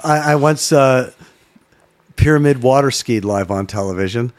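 A middle-aged man from Canada, a former sports broadcaster, telling a story in a casual chat, animated and swearing freely. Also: mid-range voice, moderate pace. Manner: animated, swearing, acts out voices in his stories.

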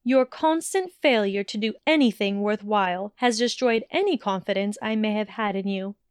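A woman's voice: mid-range voice, moderate pace, smooth, no room sound, clean studio sound, close to an everyday voice. A stern, commanding old headmistress, as a woman reads her. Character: stern older witch headmistress. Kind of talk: fan fiction audiobook reading.

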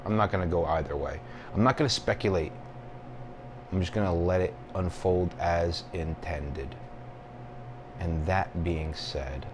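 A man's voice: low voice, a little mellow, a little hiss or hum. A young man hosting a solo podcast, rambling and venting casually with frequent swearing and self-deprecating asides. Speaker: podcast host.

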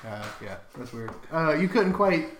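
A man's voice: fairly high pitch, big pitch swings, unhurried. A man playing a tabletop game, speaking casually and hesitantly. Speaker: player. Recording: echoey room with faint hiss.

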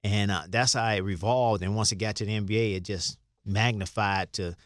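A man's voice: lowish voice, fairly even intonation, brisk, no room sound, studio quality. An older man from Chicago, a former player telling rambling stories in a casual interview. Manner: rambling, restarts, acts out quoted lines. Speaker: guest, former basketball player.

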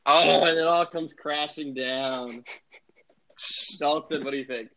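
A man's voice: on the high side, steady tone, measured pace, a bit bright. A young man hosting a casual sports podcast, rambling with lots of filler words. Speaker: podcast host. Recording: muffled lo-fi sound.

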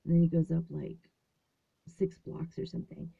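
Gravelly-voiced woman rambling in a closet. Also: on the low side, completely flat delivery, normal speed, dark tone. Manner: rambling, with many fillers and restarts. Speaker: vlogger. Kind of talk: casual storytelling, partly whispered. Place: small closet indoors. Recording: tinny, phone-like lo-fi sound.

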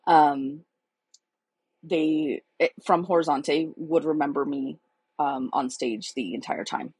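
A woman's voice: sits low, slow pace, a little mellow, breathy edge, no echo, low-quality recording. A woman in her thirties candidly telling her own life story in a casual, emotional, chatty way. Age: 30s.

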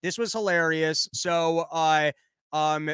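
A man's voice: on the high side, fairly even intonation, slow pace, a bit bright, clear, resonant tone, no echo. A man hosting a podcast, giving rambling, profane, joking commentary on news stories in a casual chat. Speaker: podcast host.

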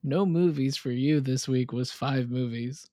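A podcast co-host chatting about films in a relaxed, easygoing way with dry humor. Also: medium pitch, a little slow, no echo. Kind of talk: casual film chat.

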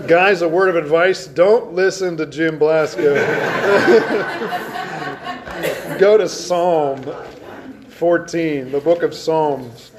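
In a church classroom, a Sunday school teacher with a fairly high voice leads an adult Bible class, speaking extremely slowly over crowd noise. He reads scripture aloud with emphasis, lingering on key words.

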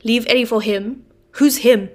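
A woman voicing a gruff, starving male convict who speaks loudly and urgently, with a gravelly voice. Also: on the high side, level tone, normal speed. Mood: sharp. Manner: loud, rough and urgent.

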